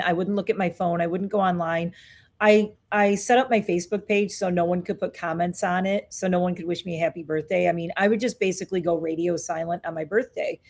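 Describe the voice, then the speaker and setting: A woman's voice: on the low side, a little mellow. Chatty woman in her fifties. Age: 50s. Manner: candid, chatty and reflective. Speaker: beauty vlogger. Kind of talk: casual chat during a skincare routine.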